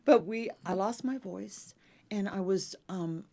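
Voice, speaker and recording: A woman from Los Angeles, a mezzo-soprano guest, telling personal stories in an animated interview. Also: medium pitch, measured pace. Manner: animated, warm storytelling with lively acted quotes.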